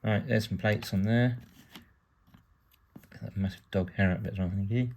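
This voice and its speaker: A man's voice: on the low side, steady tone, normal speed, a little mellow. A British man from the UK giving casual build-along narration as a vlogger, chatty and full of wry asides while he works. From United Kingdom.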